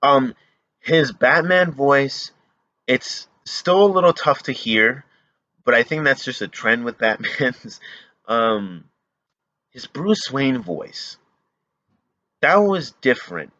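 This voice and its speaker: A man hosting a casual reaction video, talking excitedly and rambling with lots of fillers and restarts. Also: mid-range voice, slow pace, lo-fi sound.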